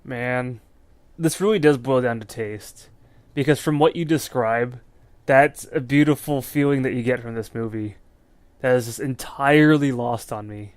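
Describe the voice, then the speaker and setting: A man with a voice of middling pitch, co-hosting a podcast and giving blunt, opinionated views in a relaxed tone. He is recorded dry and close. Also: normal speed, dry recording. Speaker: podcast co-host. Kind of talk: casual film discussion.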